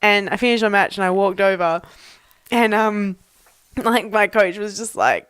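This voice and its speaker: A woman's voice: medium pitch, a little slow, no echo, studio quality. A young Australian woman co-hosting a casual chat podcast, telling stories with frequent laughter and swearing. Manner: swears freely, laughs often, animated storytelling. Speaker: podcast co-host.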